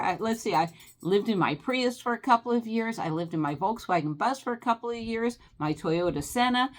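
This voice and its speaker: An American woman ranting in a casual vlog, exasperated and emphatic, often restarting her sentences. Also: a little high. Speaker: travel vlogger.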